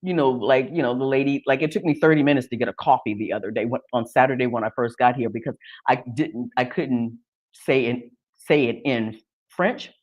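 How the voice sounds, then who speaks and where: An American woman from Texas hosting a casual live stream. She talks in an animated way, with many restarts and fillers. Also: extremely low pitch, fairly quick. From Texas, United States. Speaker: host.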